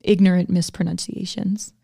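A woman's voice: lowish voice, fairly even intonation, normal speed, creaky, warm tone, husky, dry recording, studio quality. A young woman from Georgia co-hosting a casual podcast, bantering and opinionated. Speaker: podcast co-host. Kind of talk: casual chat.

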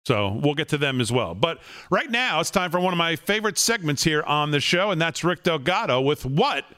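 A man hosting a talk show, running briskly through the lineup with mocking asides. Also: on the high side, sing-song, bright, forceful tone. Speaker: TV show host.

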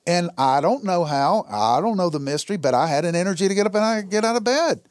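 A man's voice: high-pitched, lively intonation, fast, no room sound, studio quality. A man sharing a personal testimony in an earnest storytelling way, acting out the dialogue in his stories. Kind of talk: conversational testimony.

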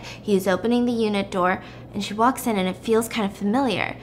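Young woman podcaster recapping a story, chatty and animated, faint hiss behind. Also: mid-range voice, brisk. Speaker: podcast host.

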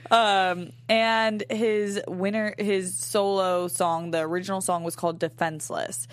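A woman's voice: medium pitch, steady tone, measured pace. A young adult woman co-hosting a casual review podcast, chatty and upbeat, with plenty of fillers. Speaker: podcast co-host.

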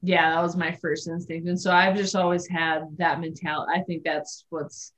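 A woman's voice: lowish voice, level tone, moderate pace, a bit bright, poor audio. A woman guest, a former hockey player, telling a story in an easygoing, rambling way. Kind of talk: casual interview storytelling.

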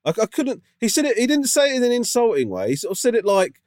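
A man's voice: very high-pitched, huge pitch swings, fast talker, darkish tone, no room sound, studio quality. A man co-hosting a podcast, chatting casually and telling a rambling story full of fillers. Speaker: podcast co-host. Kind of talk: casual chat.

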